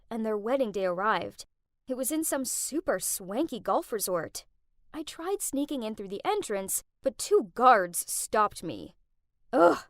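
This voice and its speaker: A young woman telling a dramatic first-person story for an animated storytime video, with emotional outbursts. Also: fairly high pitch, dry recording, studio quality.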